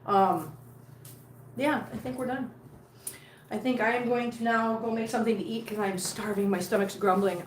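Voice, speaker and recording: A woman's voice: a little high, steady tone, moderate pace, long pauses, echoey room, a little hiss or hum, poor audio. A woman chatting casually on a live stream from home, laughing often and cooing at her cats. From Missouri, USA. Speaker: cat vlogger.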